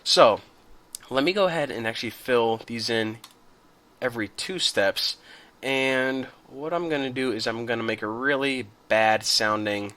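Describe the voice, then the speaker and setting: Sitting close to a desktop mic at his computer, a software tutorial host with a mid-range voice talks his viewers through a screen recording, calling them "guys." He is relaxed, friendly and chatty, speaking a little slowly, while a cough keeps catching and he clears his throat from time to time.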